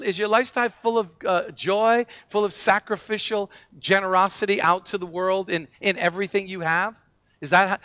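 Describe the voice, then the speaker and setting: Male pastor, sermon, bright higher voice, dry close sound, storytelling with acted quotes. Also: dry recording. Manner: animated storytelling, acts out quoted voices, frequent restarts.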